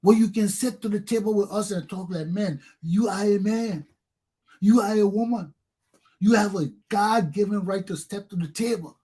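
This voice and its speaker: Liberian talk show host, fiery preachy delivery, husky, slightly high voice. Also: male voice, normal speed. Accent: Liberian English. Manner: preachy and fiery, swings from low intensity to shouting. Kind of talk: impassioned monologue.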